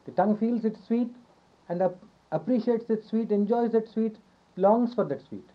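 A man giving a yoga philosophy lecture, repeating his phrases, asking rhetorical questions and chuckling softly now and then. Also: high voice, normal speed. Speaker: yoga teacher. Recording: dull lo-fi recording.

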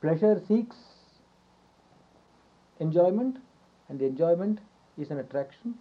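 Man, yoga teacher, philosophy lecture, repetitive phrasing, rhetorical questions, soft chuckles, muffled lo-fi recording. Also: high-pitched, expressive, measured pace. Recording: dull lo-fi recording.

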